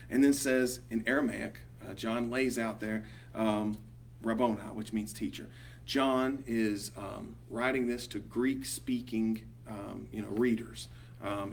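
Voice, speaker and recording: A man with a Southern accent leading a small group Bible study, talking casually and rambling, with lots of ums and "you know". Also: medium pitch. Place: small group meeting room. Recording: distant mic with faint hum.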